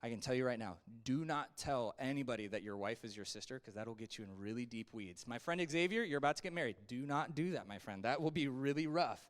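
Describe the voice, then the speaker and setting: A man teaching a casual Sunday school Bible lesson, conversational and animated, swinging his voice up and down as he acts out quotes and drops asides to the class. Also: medium pitch, brisk, few pauses.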